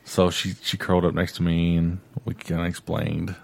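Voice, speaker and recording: A man's voice: low-pitched, little pitch movement, moderate pace, gravelly. A father telling a family story in casual conversation, with a dry storytelling manner. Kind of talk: casual chat.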